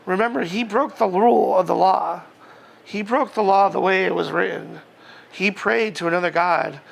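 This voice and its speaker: Male pastor, high and gravelly voice, easygoing conversational preaching with scripture reading. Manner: relaxed, chatty, frequent fillers and chuckles.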